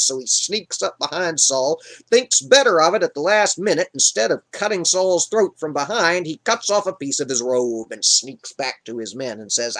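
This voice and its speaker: A man's voice: fairly high pitch, animated, moderate pace, fairly bright tone. A man hosting a live stream, retelling a Bible story in an irreverent, joking way. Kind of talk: casual comic Bible retelling.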